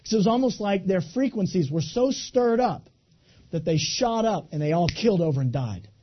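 A man in his twenties giving an animated, folksy motivational talk, speaking directly to a live audience. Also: sits high, moderate pace, breathy edge, lo-fi sound. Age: 20s.

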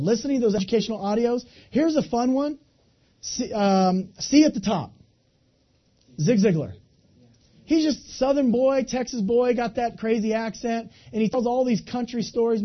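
A man in his twenties giving an animated, folksy motivational talk, speaking directly to a live audience. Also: sits high, muffled recording. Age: 20s.

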